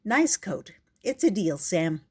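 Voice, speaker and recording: Boastful male tiger, woman reader, storybook, slow strutting drawl, lower voice. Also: very animated, darkish tone, husky, full character voice. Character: boastful hungry male tiger, vain and proud.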